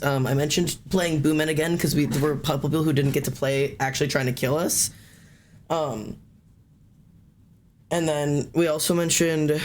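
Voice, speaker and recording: A streamer hosting a livestream chats loosely with friends, sometimes putting on a mock teacher voice to explain things. His voice sits on the high side and sounds a little mellow, with slight background noise.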